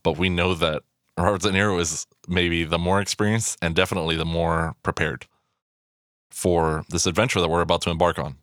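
A man's voice: deep voice, fairly even intonation, a little fast, fairly bright tone, no echo, studio quality. A man giving casual, rambling film commentary, swearing freely and full of fillers and restarts.

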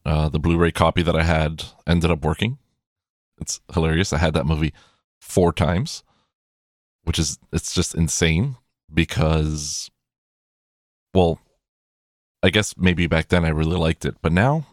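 A man's voice: extremely low pitch, unhurried, long pauses, no echo, studio quality. A man rambling through casual commentary on a film from his own collection, with many fillers and restarts. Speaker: movie collection reviewer.

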